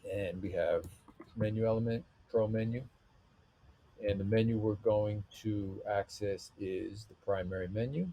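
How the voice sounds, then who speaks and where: Man, deep voice, mellow dark tone, screen-recorded tutorial, thinking aloud while clicking. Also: steady tone, a little slow, a little hiss or hum. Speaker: web designer teaching a tutorial.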